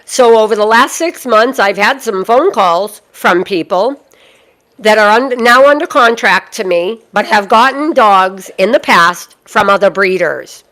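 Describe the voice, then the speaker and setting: Slow, chatty woman with a Boston accent. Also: medium pitch, a bit bright. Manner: chatty, folksy, repeats phrases for emphasis. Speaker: dog breeder hosting a live stream. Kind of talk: live-stream chat to viewers.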